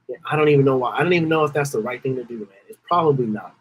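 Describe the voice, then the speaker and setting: On poor audio, a male podcast host speaks rapid-fire in a mid-range voice with a breathy edge. He rambles casually through a story, emotional, repeating himself and holding back tears.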